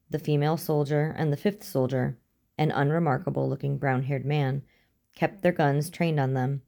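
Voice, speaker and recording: Low-voiced woman narrating a story. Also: gravelly, dark tone. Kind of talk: audiobook narration.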